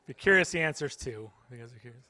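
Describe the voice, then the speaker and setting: A man's voice: mid-range voice, lively intonation, racing, sharp tone. A man doing stand-up comedy at a church, playfully teasing the audience. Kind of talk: stand-up comedy with crowd work. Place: church stage.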